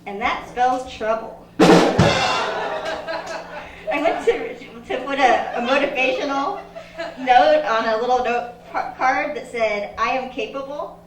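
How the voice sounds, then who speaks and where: A woman doing a stand-up comedy set in a club, delivering deadpan one-liners with halting restarts. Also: high voice, slight background noise. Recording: roomy live room from far mic, audience laughter. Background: audience laughter.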